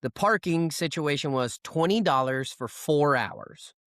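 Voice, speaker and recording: A man's voice: a little high, lively intonation, measured pace, a bit bright, no echo, clean studio sound. A man co-hosting a podcast, telling long rambling stories in casual chat, full of fillers and restarts. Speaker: podcast co-host.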